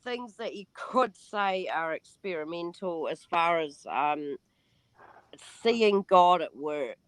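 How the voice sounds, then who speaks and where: A woman's voice: fairly low pitch, expressive, slow pace, clean tone, no echo. A woman with a New Zealand accent chatting as a guest on a video call, hesitant and full of ums. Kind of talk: casual chat as guest.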